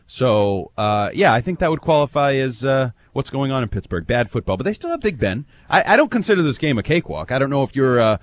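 Lively, joking sports radio co-host man. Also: mid-range voice, a little fast, hardly any pauses, no room sound. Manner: joking, animated analyst. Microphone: studio microphone.

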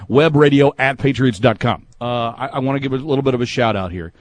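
A man's voice: mid-range voice, fast talker, dry recording. A man in his fifties from Texas hosting a sports radio show, chatting casually and laughing often.

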